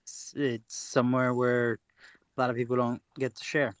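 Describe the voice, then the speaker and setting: A man's voice: medium pitch, level tone, normal speed. A man speaking hesitantly on a group video call, trailing off and apologizing. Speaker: panel participant. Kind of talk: casual group video chat.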